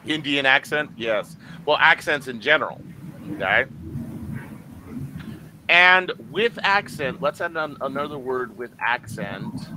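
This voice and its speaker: A man's voice: mid-range voice, expressive, unhurried, pauses often, noisy background. A man teaching an online English exam class, joking and acting out confused listeners with playful quoted reactions. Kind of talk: live online lecture.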